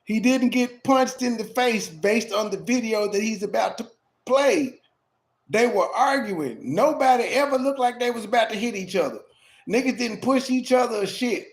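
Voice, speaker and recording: A man's voice: very high-pitched, moderate pace. A man co-hosting a reaction stream, speaking bluntly and profanely while he has the hiccups. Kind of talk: casual reaction commentary. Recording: echoey room with faint ambient noise.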